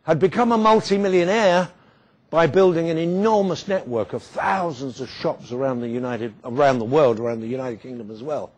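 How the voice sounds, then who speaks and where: A man giving a storytelling speech with wry humour and dramatic pauses. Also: on the high side, a little mellow. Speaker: guest speaker.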